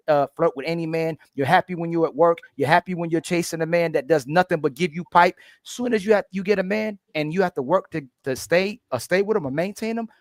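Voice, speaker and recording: A man's voice: fairly high pitch, no room sound, studio quality. A man on a podcast panel, lecturing bluntly and making sweeping claims in a heated casual debate.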